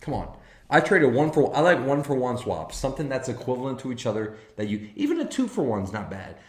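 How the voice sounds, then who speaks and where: A man's voice: medium pitch, big pitch swings, brisk, reverberant. A man hosting a casual whiskey live stream, enthusiastic and swearing freely as he talks to viewers in chat. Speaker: whiskey livestream host.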